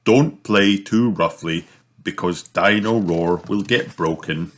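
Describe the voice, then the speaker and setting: A man reading the part of a jolly father pig, soft and low, in a storybook read-aloud. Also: takes it slowly, noisy background. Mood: gentle.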